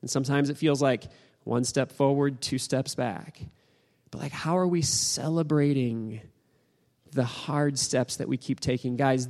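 A man's voice: medium pitch, darkish tone, in a large hall. A man preaching a sermon as pastor, earnest and encouraging, repeating his phrases.

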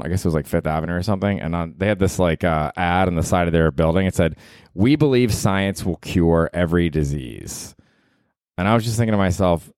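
Man in his forties, solo podcast host, low voice, rambling and profane, self-deprecating, dry close sound. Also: darkish tone, no echo. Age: 40s. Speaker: podcast host and stand-up comedian. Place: New York apartment. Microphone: handheld field recorder.

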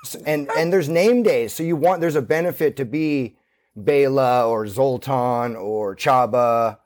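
A skateboarder from Santa Cruz, California, guests on a casual interview, telling easygoing, rambling stories full of fillers. His mid-range voice has a darkish tone and runs a little slow.

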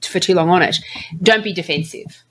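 An Australian woman co-hosting a casual advice chat, playful and quick to laugh. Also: on the low side, fairly bright tone, slightly rough. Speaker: podcast co-host.

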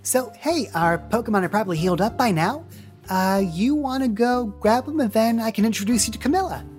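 A game player voicing an excitable young woman in a tabletop game, talking eagerly. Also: medium pitch, a little fast, faint music behind, voice pushed up, natural voice. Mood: chatty.

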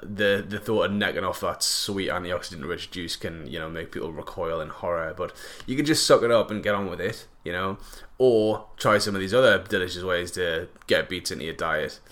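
A man's voice: low voice, fairly quick, few pauses, a bit bright. A young man, chatting casually and jokily to camera, rambling with lots of fillers and slang. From northeast England.

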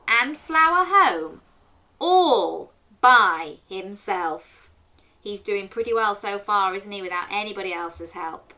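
Animated woman reading a children's story. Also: medium pitch. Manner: animated, asks the listener questions and waits for answers. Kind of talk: picture book read-aloud for children.

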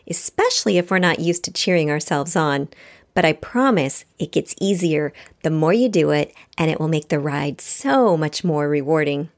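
A woman's voice: deep voice, lively intonation, normal speed. A woman hosting her own podcast, speaking straight to listeners in an upbeat, encouraging way and reading aloud from her book. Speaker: podcast host.

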